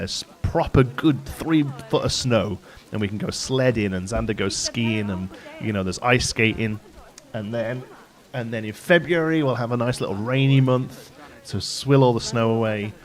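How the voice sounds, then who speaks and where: A man, chatting casually and rambling as he streams a game and answers chat. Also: mid-range voice. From England, Staffordshire. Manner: rambling, chatty, many fillers and restarts. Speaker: live streamer. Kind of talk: casual chat while gaming, reading chat aloud.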